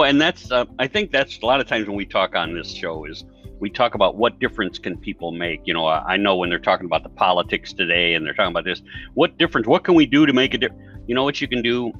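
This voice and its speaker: A man's voice: fairly low pitch, animated, quick pace, bright, forceful tone, faint music behind. A male talk show host speaking in an emphatic, motivational way during a conversational interview. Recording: dull lo-fi sound.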